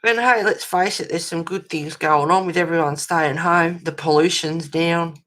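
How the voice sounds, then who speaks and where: A low-voiced Australian woman hosts a colouring livestream in a casual chat. She rants bluntly and swears freely, breaking off to answer chat messages. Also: fairly even intonation, moderate pace, a bit bright. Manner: reacts to chat messages with laughs.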